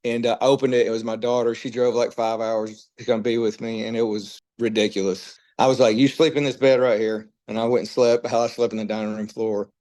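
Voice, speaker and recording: A middle-aged man speaks at an everyday pitch as a guest in an interview. His storytelling is candid and rambling, and he slips into the voices of the people he quotes. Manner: relaxed, rambling, tells stories with quoted dialogue.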